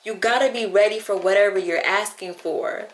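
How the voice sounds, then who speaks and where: A woman's voice: medium pitch, moderate pace. A woman vlogger talking to her camera, chatty and heartfelt, close to tears as she speaks. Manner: tearful and heartfelt, close to crying; chatty, lots of "like" and quoting herself. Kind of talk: emotional talk to camera. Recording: echoey room.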